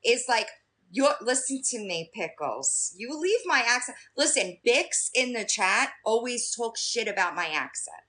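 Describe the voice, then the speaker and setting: Woman, New York accent, live-stream chat, bright sharp tone, lively swooping pitch. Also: measured pace. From Staten Island, New York. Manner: talks straight to chat, lively, laughs often.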